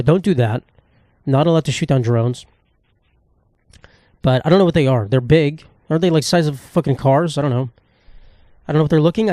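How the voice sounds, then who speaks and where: A man's voice: a little high, darkish tone, dry recording, clean studio sound. A man in his twenties hosting a solo comedy podcast, ranting profanely and sarcastically, jumping into silly voices. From United States. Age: 20s. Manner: profane, rambling, sarcastic, with sudden jumps into silly put-on voices. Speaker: podcast host.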